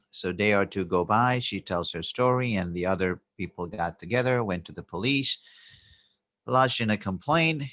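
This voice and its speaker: A man giving a spiritual talk, telling a story in a gentle, reflective way with soft laughs and hesitant restarts. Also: lowish voice, no echo. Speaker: spiritual teacher.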